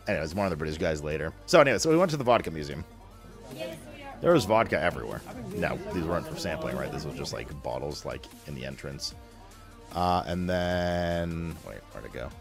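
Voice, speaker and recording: A man's voice: deep voice, expressive, brisk, soft background music. A young man chatting casually with his stream viewers, rambling with lots of fillers and slang.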